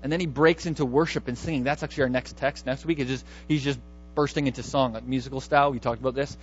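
A man's voice: mid-range voice, steady tone, fast talker, lo-fi sound, slight background noise. A man preaching a sermon in a conversational, emphatic way, often restarting his words. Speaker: pastor.

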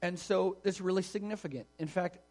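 Man, pastor, sermon, conversational, slightly high voice, husky. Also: fairly quick, a little mellow. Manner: conversational, explanatory, emphatic.

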